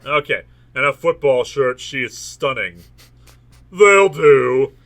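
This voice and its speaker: A man's voice: medium pitch, moderate pace, a bit bright. A man hosting a comedic reading of a novel, reading passages aloud in a mock-dramatic way and breaking off for jokey asides. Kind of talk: comedic book reading with commentary.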